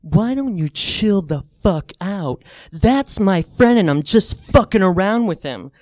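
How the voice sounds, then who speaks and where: A man voicing a rude, aggressive man in a grocery checkout line, shouting crude taunts. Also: high voice, lively intonation, slow pace, dry recording. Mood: hostile.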